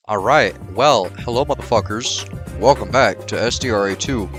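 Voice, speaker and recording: A man hosting a let's play, giving casual, excitable gameplay commentary full of swearing and sarcasm. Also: lowish voice, normal speed, faint music behind.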